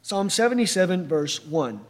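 A man's voice: high-pitched, sing-song, moderate pace, big-room sound. A man preaching a sermon, reading scripture aloud and then explaining it earnestly, often checking in with "right?".

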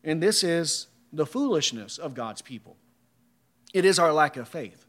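A man's voice: on the high side, sing-song, measured pace, a bit bright. A man preaching a sermon, reading scripture and asking emphatic rhetorical questions.

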